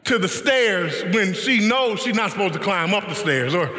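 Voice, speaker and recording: A man preaching a sermon, emphatic, often rising to shouts and laughing. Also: high-pitched, expressive, moderate pace, roomy sound, in a large hall.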